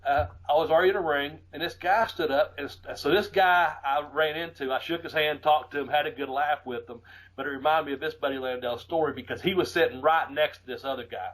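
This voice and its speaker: A middle-aged man, a podcast host casually telling profane, animated stories and laughing often. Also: fairly high pitch, fast talker, low-quality recording. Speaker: podcast host and former wrestler. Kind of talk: casual storytelling.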